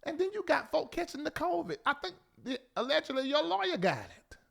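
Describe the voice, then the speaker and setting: A man hosting a live talk show, preaching and scolding theatrically with sudden shouts. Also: extremely high pitch, sing-song, fairly quick, creaky.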